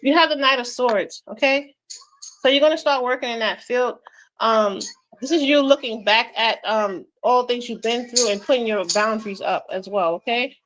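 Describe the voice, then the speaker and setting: A woman's voice: on the high side, normal speed, fairly bright tone, rough recording. A woman giving a casual tarot reading in a chatty, informal way. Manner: giggly, keeps breaking into laughter and apologizing; chatty, informal speech with fillers. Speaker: tarot reader.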